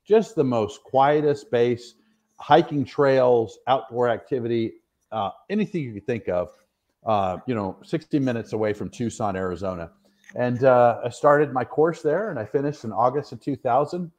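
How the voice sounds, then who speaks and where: A man's voice: medium pitch, normal speed, darkish tone. A middle-aged man from the northwestern United States, an interview guest chatting through long stories, rambling and self-deprecating with plenty of fillers. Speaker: interview guest, retired soldier. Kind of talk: casual storytelling interview.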